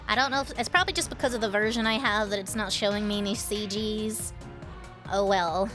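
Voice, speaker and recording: A woman's voice: mid-range voice, fairly quick, music in the background. A woman streamer giving playful, chatty commentary while playing a game.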